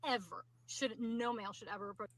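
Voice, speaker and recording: A woman's voice: on the high side, steady tone, brisk, a bit bright, rough recording. A woman in a played clip, indignantly and insistently retelling an encounter. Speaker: woman in a viral video clip. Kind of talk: recounting an incident.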